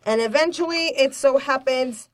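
A woman's voice: sits high, normal speed. A woman from Puerto Rico giving a chatty, casual show-and-tell talk about children's books, with many fillers. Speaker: children's book presenter.

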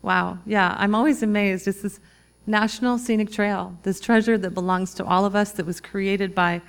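A woman in her forties, an author telling a personal story to a live audience in a reflective, halting way, with many restarts and fillers. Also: medium pitch, steady tone, clean tone. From Minnesota, US. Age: 40s. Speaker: author giving a talk.

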